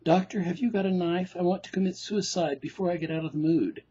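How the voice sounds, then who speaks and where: A man's voice: high-pitched, fast, mellow, slightly rough. A man playing an anxious, self-dramatizing patient, delivering rhyming lines with dramatic, plaintive emphasis. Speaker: performer reading a play. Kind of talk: theatrical monologue. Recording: dull lo-fi recording.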